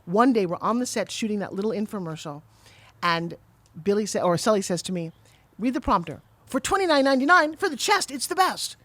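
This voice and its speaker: A middle-aged woman telling her story as a guest on an interview podcast, animated and acting out the quotes. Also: medium pitch, dry recording. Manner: fast, animated storyteller who acts out quotes. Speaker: guest, TV pitch saleswoman.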